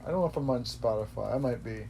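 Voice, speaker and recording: A man with a mid-range, creaky, mellow voice talks fast as he hosts a podcast, with a little hiss or hum in the background. His casual chat rambles, he often corrects himself, and he laughs easily.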